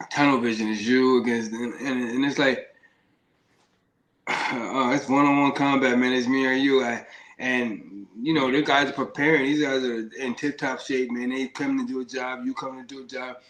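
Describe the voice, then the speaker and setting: A man's voice: mid-range voice, roomy sound, rough recording. A man, a professional boxer, telling stories loosely in a casual interview and often saying "man".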